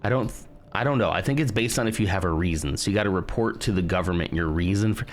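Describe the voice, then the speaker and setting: An American man streaming a video game, chatting casually with viewers and thinking out loud in a hesitant, musing way. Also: sits low, fast talker, a little hiss or hum. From United States. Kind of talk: casual live-stream chat while gaming.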